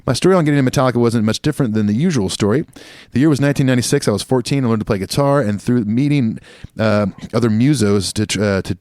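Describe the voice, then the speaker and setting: A male podcast co-host with a medium-pitched, slightly mellow voice talks quickly and casually while reading listener emails aloud. He laughs easily and slips into a jokey fake Australian accent. The studio-quality recording is dry.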